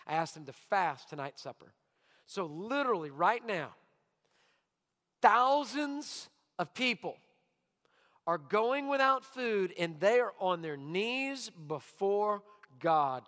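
A middle-aged man delivers a sermon with a high, ringing voice and bright, forceful edge. He drives his points home by repeating them. The sound carries a long hall reverb, as in a large church auditorium. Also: animated, unhurried. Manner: emphatic, repeats key lines, acts out listeners' voices. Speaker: pastor.

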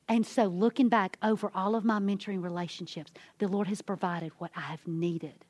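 A woman giving a sermon-style testimony, an animated storyteller who acts out the quotes she tells. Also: medium pitch, moderate pace, few pauses, no room sound. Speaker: women's ministry speaker.

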